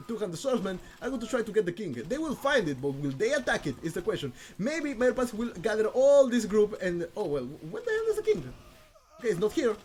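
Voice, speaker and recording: A man commentating a live strategy game with a high, lively voice that leaps up and down. He is excitable and rambling, restarting phrases and repeating himself as the action unfolds. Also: a little hiss or hum. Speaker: game caster.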